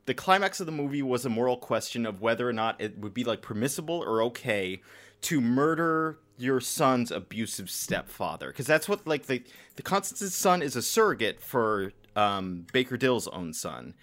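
A man with a very lively, swinging pitch, talking through a film in a casual podcast chat. He talks in an animated way, with sudden jumps in pitch and frequent laughs. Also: normal speed. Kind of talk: casual movie discussion.

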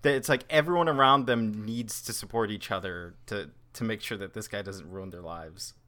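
A man co-hosting a podcast, thinking aloud in an animated, chatty way. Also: lowish voice, normal speed. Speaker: podcast co-host. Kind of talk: casual chat.

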